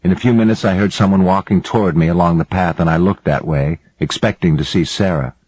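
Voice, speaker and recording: Deep husky male audiobook narrator. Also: quick pace, darkish tone, no echo, rough recording. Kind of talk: scripted first-person narration.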